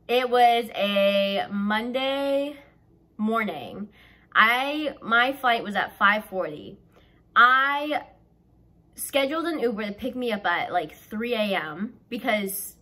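A young woman from the American South, telling a story in a chatty, animated way and saying "like" constantly. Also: a little high. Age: young adult. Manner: chatty and animated, heavy use of "like". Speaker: vlogger. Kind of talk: storytime vlog.

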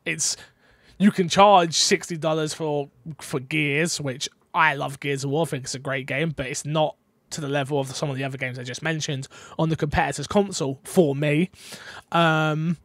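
A man's voice: fairly high pitch, a bit bright, no echo, clean studio sound. A man hosting a casual gaming podcast, playful and teasing as he reads out listener questions. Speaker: podcast host.

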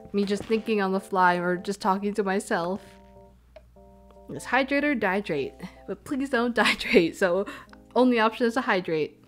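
A young woman with a Canadian accent, chatting casually on a live stream while she plays, thinking aloud and apologizing as she goes. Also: medium pitch. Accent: Canadian English. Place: home room, stepping away from the mic at times. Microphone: desk microphone.

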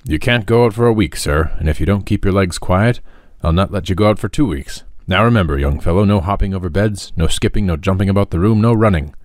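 A man's voice: sits low, fast, hardly any pauses, a little mellow, dry recording, studio quality, lightly acted. A man voicing a grave, stern doctor in a storybook reading, giving firm orders. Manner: firm, matter-of-fact orders. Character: stern, grave old-fashioned male doctor.

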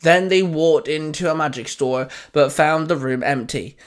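A man's voice: on the high side, a little slow, clean tone. A man hosting an audio storytelling channel, reading fan fiction aloud with upbeat, dramatic narration.

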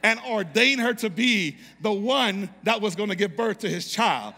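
A pastor preaching a fervent sermon, repeating phrases and calling out to the congregation to respond. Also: male voice, sits high, expressive, moderate pace, sharp tone, in a large hall.

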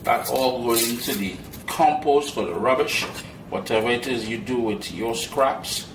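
A man's voice: medium pitch, a little slow, noisy background. Guy cooking at home, folksy chatty talk, echoey kitchen, faint pots clinking. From Trinidad and Tobago. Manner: folksy, chatty, addresses viewers directly. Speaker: cooking show host. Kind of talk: casual cooking demonstration.

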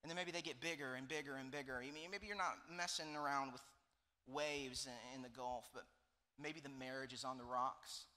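A man in his thirties preaching a sermon as pastor, telling a story in an animated, joking way. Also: mid-range voice. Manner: animated storytelling with laughs and asides. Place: church auditorium. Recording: long hall reverb.

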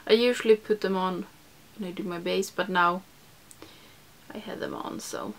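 A woman's voice: fairly low pitch, steady tone, moderate pace, vocal fry, slight background noise. Chatty young woman doing a makeup vlog. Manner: chatty, self-deprecating, many fillers, drops into soft whispers while applying makeup. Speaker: beauty vlogger. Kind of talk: casual makeup tutorial chat.

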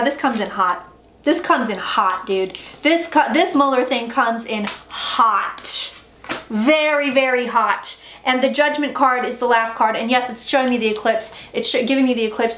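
Fast, profane, excited woman tarot reader. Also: a little high. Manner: rapid, profane, emphatic, says she talks like an auctioneer. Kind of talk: excited tarot reading monologue. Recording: echoey room with faint noise.

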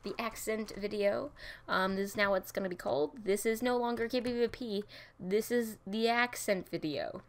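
A young woman chatting casually over her gameplay as a gaming video creator, excitable and giggly. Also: medium pitch, normal speed.

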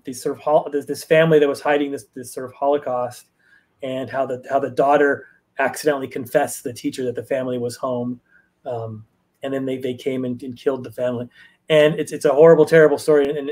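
A man's voice: mid-range voice, darkish tone. A man in his forties, from Los Angeles, a guest in a live Q&A, speaking thoughtfully and searching for his words as he goes. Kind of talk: live Q&A interview.

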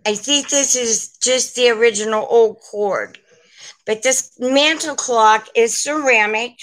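Slow, bright-voiced woman chatting on a live stream from home. Her tone is sharp and fairly high, and she rambles warmly to her viewers as she shows off antiques. She takes her time over every word. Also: low-quality recording. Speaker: online vintage seller. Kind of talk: live-stream sales chat. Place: at home, indoors.

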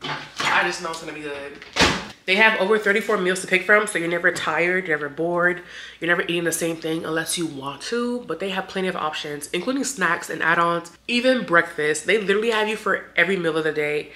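A woman's voice: on the low side, brisk, sharp tone, echoey room. A young woman vlogger, chatting playfully and directly to her viewers. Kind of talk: casual sponsored vlog chat.

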